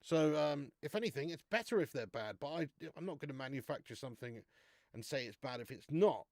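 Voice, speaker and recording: A man's voice: fairly high pitch, animated, brisk, a little mellow, no echo, studio quality. A man hosting a live beer-review stream, chatting casually, laughing often and calling his viewers mate.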